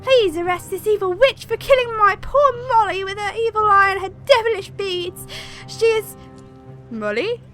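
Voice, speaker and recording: A woman voicing a hysterical peasant woman who wails and accuses in a tearful, shrill voice. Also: lively intonation, moderate pace, fairly bright tone, faint music behind. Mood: pleading.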